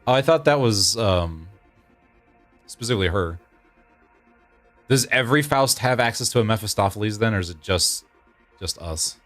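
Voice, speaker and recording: Low-voiced man chatting and laughing. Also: lively intonation, moderate pace, pauses often, fairly bright tone, soft background music. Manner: laughing, rambling, often restarting sentences. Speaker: streamer. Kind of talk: casual gameplay chat with viewers.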